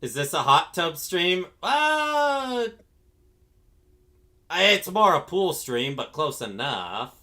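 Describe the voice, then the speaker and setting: A man's voice: sits high, sing-song, slow, bright, forceful tone. A man chatting casually on a streamed group call, joking flirtatiously and breaking into laughter.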